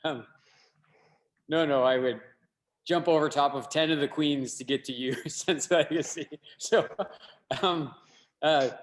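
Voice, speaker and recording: Joking man co-hosting over a video call. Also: medium pitch. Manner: joking, teasing, heartfelt in tributes. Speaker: podcast co-host. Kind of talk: casual chat.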